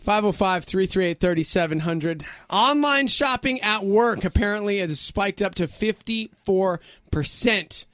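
A man's voice: sits high, a little slow, fairly bright tone, no echo. A man hosting a morning radio show, joking and laughing often in casual banter. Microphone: studio mic.

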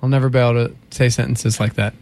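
A man's voice: medium pitch, level tone, fast talker, a little mellow, no echo. Jokey male radio morning show host. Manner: playful, jokey, goofy voices. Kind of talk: casual radio banter.

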